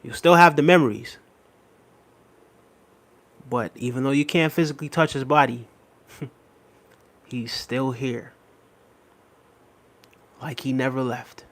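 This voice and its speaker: A man's voice: mid-range voice, steady tone, slow, pauses often. A man hosting a livestream, chatting casually, reading viewer comments aloud and repeating phrases with frequent laughs. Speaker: livestream host.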